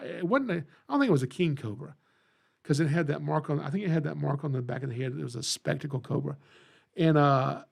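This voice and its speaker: A man hosting a podcast, telling a story in a rambling, animated way and reading out live chat comments. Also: a little high, creaky. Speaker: podcast host. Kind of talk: casual livestream podcast chat.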